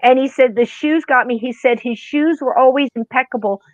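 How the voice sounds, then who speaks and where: A fairly high-voiced woman retells a story in a chatty, animated podcast style, jumping into the voices of the people in it. The sound is close and dry, with dull, muffled highs. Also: moderate pace, no echo. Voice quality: animated, acts out quoted voices. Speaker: podcast co-host. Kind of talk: casual storytelling chat.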